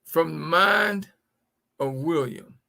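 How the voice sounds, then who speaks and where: On the high side but slow and creaky, this livestream host's voice has a sharp tone. He speaks emphatically to his audience about politics, repeating words as he builds toward his point.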